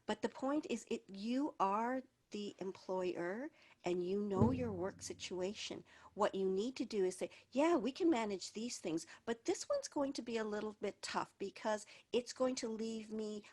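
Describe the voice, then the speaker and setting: A woman's voice: medium pitch, a little slow, darkish tone. A woman hosting a business webinar as an HR consultant, talking in a conversational way with many restarts. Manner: conversational, with frequent restarts and repeated words.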